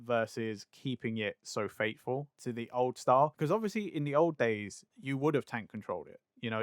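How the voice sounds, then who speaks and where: A man's voice: mid-range voice, dry recording. A man co-hosting a podcast, talking through his points at length in an easy, casual way. His voice sits close and dry on the microphone, with no room sound. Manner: explains at length, drawn-out phrasing. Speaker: podcast co-host. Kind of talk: casual chat.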